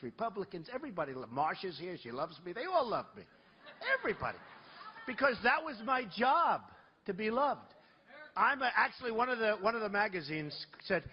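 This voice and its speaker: A presidential candidate speaking at a campaign rally, telling rambling, boastful stories in a conversational way. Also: male voice, sits high, muffled recording. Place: large rally venue.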